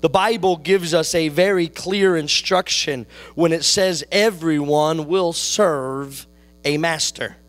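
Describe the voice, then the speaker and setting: A man preaching a sermon, slow and deliberate, repeating his phrases for emphasis. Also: fairly high pitch.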